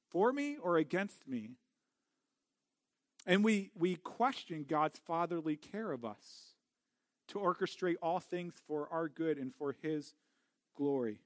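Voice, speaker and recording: High-voiced male pastor preaching. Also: dry recording, studio quality. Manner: earnest, with repeated restarts. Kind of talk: sermon. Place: church.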